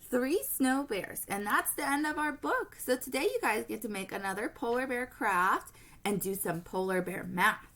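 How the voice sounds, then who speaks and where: A woman teacher reading a storybook aloud to young children, gently asking them questions along the way. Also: a little high, lively intonation, normal speed.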